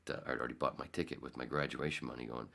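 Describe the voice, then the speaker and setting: A man's voice: extremely low pitch, steady tone, rapid-fire, vocal fry, bright, forceful tone. A man hosting a podcast, telling a story in casual chat, rambling with frequent restarts and self-corrections. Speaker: podcast host.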